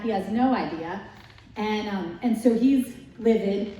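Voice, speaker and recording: A woman giving a casual Bible lesson, retelling the story in a lively way with rhetorical questions to her listeners. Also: on the high side, normal speed. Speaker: Bible study teacher. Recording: echoey room, distant mic.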